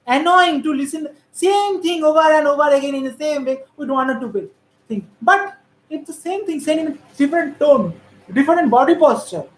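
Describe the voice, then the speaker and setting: A woman giving critical, emphatic political commentary on how politicians speak. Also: high-pitched. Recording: roomy echo.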